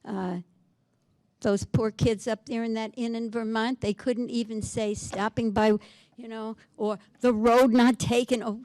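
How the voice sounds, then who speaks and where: A woman giving a poetry lecture, reading verse slowly and with emphasis, then asking her listeners questions. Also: fairly high pitch, a little mellow, no room sound, studio quality.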